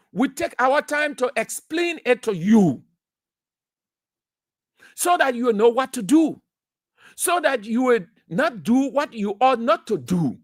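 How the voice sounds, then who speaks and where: Radio host lecturing on air, emphatic and repetitive, dry close studio mic, mid pitch. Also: dry recording. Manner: emphatic and lecturing, repeats key phrases, asks rhetorical questions. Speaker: radio talk show host. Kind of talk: opinionated radio commentary, explaining definitions.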